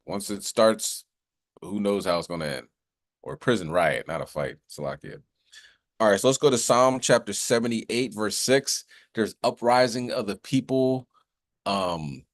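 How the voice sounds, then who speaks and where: A man's voice: on the low side, no echo, clean studio sound. A man hosting a show, rambling casually in slang and often saying "you know what I mean.". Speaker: host. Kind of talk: casual commentary.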